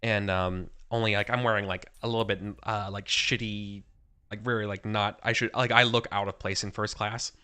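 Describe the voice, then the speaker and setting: A man playing a tabletop role-playing game, chatting excitably, restarting sentences and rambling as he sets up his scene. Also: on the low side, normal speed, clean tone. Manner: excitable, self-interrupting, rambling. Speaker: player. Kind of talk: casual tabletop role-play.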